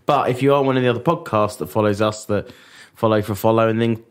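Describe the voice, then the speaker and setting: Male podcast co-host, low-ish voice, deadpan teasing humor. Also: fast, clean tone. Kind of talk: casual chat.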